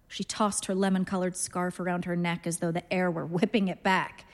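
A woman in her thirties reading a literary story aloud in a dry, deadpan first-person voice. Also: lowish voice, moderate pace, hardly any pauses, big-room sound. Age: 30s. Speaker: narrator, reader.

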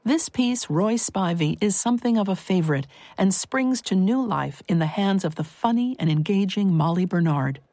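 Woman hosting with a dark, dry voice. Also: medium pitch, animated, moderate pace, no echo. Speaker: host. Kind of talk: scripted radio introduction.

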